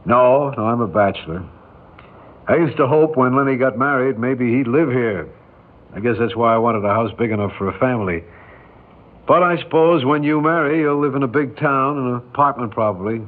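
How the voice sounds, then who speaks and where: This 1950s radio drama features a forties-aged actor voicing a timid, good-hearted bachelor who owns a gas station, stammering and hesitant. His mid-range voice sounds close to everyday speech and moves at a moderate pace, heard through a tinny vintage broadcast.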